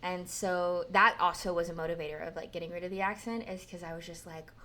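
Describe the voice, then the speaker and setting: A woman's voice: fairly low pitch, fast talker, hardly any pauses. A young woman from the American South, her accent trained to neutral American, telling tangent-filled stories in casual podcast chat. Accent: mostly neutral American, trained out of Southern. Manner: animated storyteller, tangents, acts out quotes. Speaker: podcast co-host.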